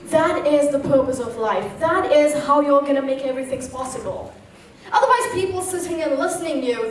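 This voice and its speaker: Indian teen girl giving a motivational speech, high voice, big echo, sounds far from the mic. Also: a little hiss or hum. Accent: Indian English. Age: teenager. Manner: earnest, rhetorical questions. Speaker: motivational speaker. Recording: echoey hall, voice from far off.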